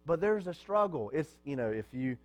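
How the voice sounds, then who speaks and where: A man in the pulpit delivers a sermon to his congregation in a fairly high-pitched voice. He talks in a conversational way, tossing out rhetorical questions and answering them himself. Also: big pitch swings, normal speed, a little mellow. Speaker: pastor.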